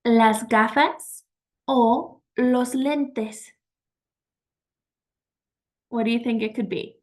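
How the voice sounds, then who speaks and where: A woman teaching vocabulary in a slow, patient, encouraging way, repeating each word and praising the learner. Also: fairly high pitch, fairly even intonation. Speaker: Spanish teacher. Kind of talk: slow vocabulary lesson with pauses.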